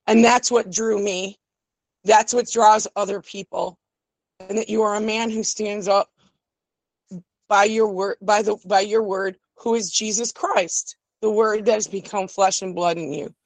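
A woman's voice: mid-range voice, fairly even intonation, unhurried, no echo, poor audio. A woman calling in to a talk show who speaks earnestly and gets emotional. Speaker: caller. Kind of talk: call-in talk.

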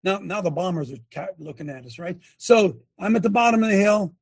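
A man's voice: sits high, animated, brisk, slightly rough, no room sound. An older man and former coach giving a sermon-like testimony, telling it emphatically with many repeats and restarts. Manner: breaks off to direct a helper at a screen.

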